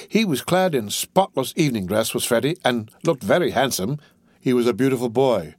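A male audiobook narrator reads with a husky grain and a lively, animated melody. His delivery is expressive and storytelling. The recording is dry and close. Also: medium pitch, no room sound. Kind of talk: scripted narration of a novel.

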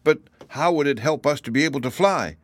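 A man's voice: a little high, fairly quick, no echo, voice pushed up, lightly acted. An eager young girl asks question after question in a raised, earnest voice, recorded close and dry like a storybook reading, as a man puts her on. She sounds keen and a little anxious. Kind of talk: audiobook reading.

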